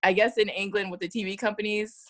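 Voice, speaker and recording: A woman's voice: mid-range voice, fast talker, dry recording. An American woman, a model and actress, chatting as a guest and telling stories with acted-out quotes and frequent laughs. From United States. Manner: lively storytelling, acts out quotes, laughs often. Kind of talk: casual interview chat.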